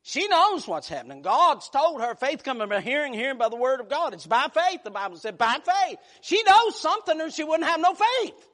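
A man preaching a sermon, moving between quiet, hushed storytelling and loud, shouted passages. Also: very high voice, big pitch swings, normal speed, few pauses.

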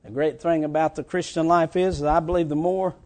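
A man preaching a sermon, swinging between shouted lines and quiet, drawn-out ones. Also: a little high, level tone.

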